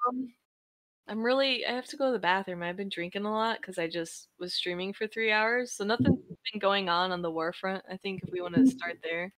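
A woman's voice: mid-range voice, a little fast, a bit bright, dry recording, rough recording. A woman guest on a livestream game talk show, chatty and informal. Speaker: war reporter guest.

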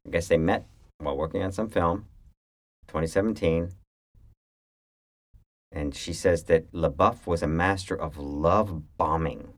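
Deep-voiced joking man, sarcastic and profane. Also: a little slow, pauses often, no room sound. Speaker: podcast co-host. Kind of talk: casual chat.

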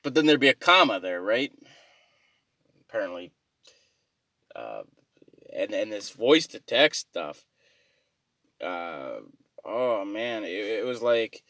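A man's voice: lowish voice, very animated, takes it slowly, pauses often, pushed and bright, dry recording. A man rambling through an exasperated, profane comic rant to his viewers, swearing freely as he complains. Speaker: vlogger.

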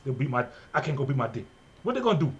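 A man's voice: medium pitch, sing-song, rapid-fire, muffled recording, heavy background noise, close to an everyday voice. A man putting on a crude, rowdy Louisiana-accented man ranting with lots of repetition.

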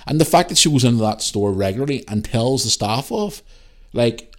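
A man in his thirties tells a story on his podcast, heated and profane. His pitch leaps up and down as he goes, lively all the way through. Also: normal speed. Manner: heated storytelling, heavy swearing, animated re-enacted dialogue. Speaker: podcast host. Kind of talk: casual ranting monologue.

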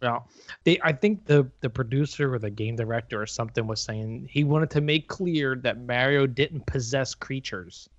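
A young man co-hosting a casual podcast, excitable and jokey, quick with stories. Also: medium pitch, dry recording, dull audio. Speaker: podcast co-host. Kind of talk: casual chat.

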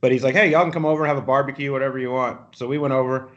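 A man, a professional golfer, telling animated, profane stories as a podcast guest and laughing often. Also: mid-range voice, rapid-fire, dull audio. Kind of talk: casual storytelling.

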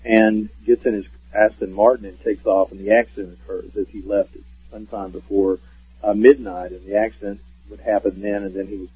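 Over a tinny phone line, a male guest on a radio show spins long, rambling stories packed with fillers and false starts. His voice is fairly low, level and slightly rough, he speaks fairly quickly, and there's no echo.

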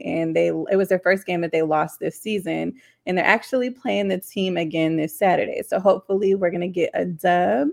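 Mother and co-host with a gravelly voice, hesitant, lots of ums. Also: medium pitch, a little mellow. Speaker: podcast co-host. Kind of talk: casual chat.

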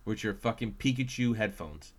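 A man's voice: on the low side, animated, normal speed. A man co-hosting a casual chat show, talkative and playfully teasing. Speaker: podcast co-host.

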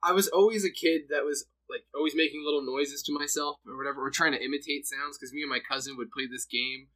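A man's voice: a little high, steady tone, fast talker, bright, forceful tone, low-quality recording. A young man from New Jersey, a podcast guest chatting casually and telling stories with lots of laughter and "like"s. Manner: laughs often, storytelling with many "like"s. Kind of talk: casual chat.

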